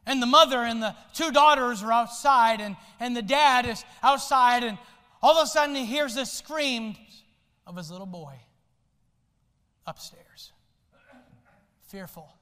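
A male pastor preaching a sermon, swinging from soft low asides to loud shouted lines. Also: measured pace, long pauses, clean tone. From United States. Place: church sanctuary. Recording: long hall reverb in a church.

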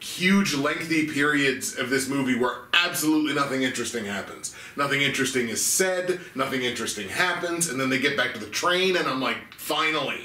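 A man's voice: medium pitch, sharp tone. A man co-hosting a movie awards show, chatting casually and reviewing films in a self-deprecating way. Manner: chatty, self-deprecating, reads quotes aloud. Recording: echoey room with faint noise.

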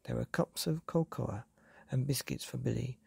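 A woman reads a bedtime story in a calm, even manner. Her voice is gravelly and husky, dark and mellow in tone. The sound is close and dry, with no room echo. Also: very deep voice, moderate pace.

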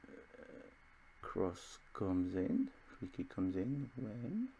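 Young guy with a low gravelly voice narrating his football manager save, chatty and self-mocking, rambles a lot. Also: sing-song, very slow, dark tone, lo-fi sound, a little hiss or hum. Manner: rambling, self-deprecating, chuckling asides. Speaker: gaming video host. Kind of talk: casual Football Manager let's play commentary.

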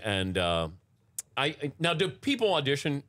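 A male talk show host runs a casual interview, firing off quick conversational questions. His voice sits in a middle register with lively, varied intonation. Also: medium pitch.

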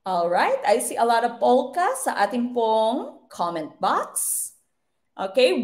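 A young adult woman with a Filipino accent teaches a live online exam review, switching between English and Tagalog and adding polite "po". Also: a little high.

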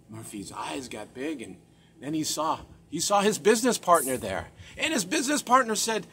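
A man telling a joke story animatedly, with dramatic pauses and rhetorical questions. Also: on the high side, slight background noise. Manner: animated, dramatic gasps and swoops.

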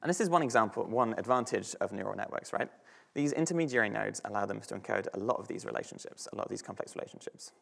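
A man's voice: fairly low pitch, lively intonation, fast, gravelly, a bit bright. A man with a British accent giving an academic talk on slides, thinking aloud with frequent fillers and restarts. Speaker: student speaker.

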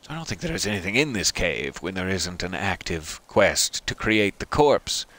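A man's voice: sits low, sing-song, moderate pace, a bit bright. A man giving casual let's-play commentary, rambling with self-deprecating asides. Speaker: gameplay commentator.

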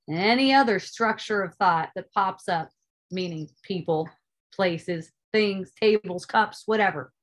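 A woman with a medium-pitched voice, talking a touch slowly, offers a sincere spiritual lesson during an online group call. She stresses ideas forcefully, drops into soft asides, and swears in an offhand way.

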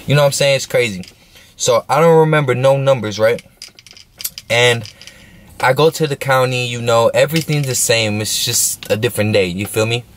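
Young man, mid-pitched voice, casual slangy storytime vlogger, rambling and laid-back. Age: young adult. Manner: slangy, rambling, keeps asking "you know what I'm saying"; laid-back, smoking while talking.

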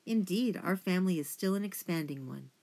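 A woman's voice: fairly low pitch, animated, fairly quick, warm tone, a little hiss or hum. A woman voicing a pompous, self-important elderly male mouse who lectures his huge family in an audiobook. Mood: lecturing. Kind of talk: audiobook character reading.

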